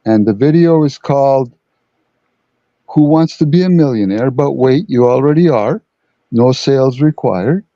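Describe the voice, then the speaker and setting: A man calling in to a talk show, explaining earnestly with halting restarts. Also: mid-range voice, mellow, no room sound, dull audio. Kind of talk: casual call-in talk.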